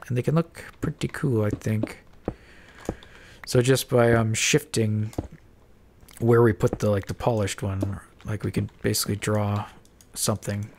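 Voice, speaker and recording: A congested Minecraft let's-player thinks aloud and mumbles while building, chatting casually. The mid-range voice is a little mellow, with slight background noise.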